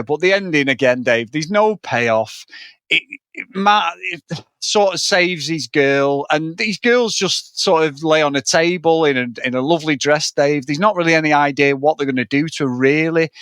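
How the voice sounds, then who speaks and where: A man's voice: fairly high pitch, expressive, moderate pace, fairly bright tone, clean tone, no room sound. A man co-hosting a podcast, chatting casually about a film, sweary and rambling. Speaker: podcast co-host.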